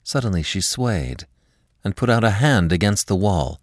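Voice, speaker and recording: Low-voiced, expressive male storyteller. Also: moderate pace, no room sound, clean studio sound. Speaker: podcast narrator. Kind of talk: audiobook narration.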